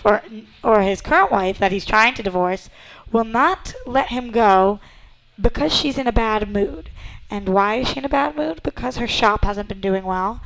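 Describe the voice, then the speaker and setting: A woman's voice: a little high, vocal fry, a bit bright, poor audio. A young woman co-hosting a casual TV recap chat, chatty and fond of rhetorical questions. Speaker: podcast co-host.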